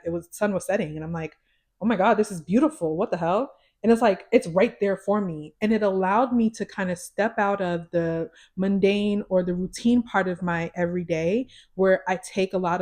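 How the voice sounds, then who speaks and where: Young woman podcaster just talking, kinda low voice, open and cussing some. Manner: candid and expressive, swears freely. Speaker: podcast host. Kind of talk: casual solo podcast talk.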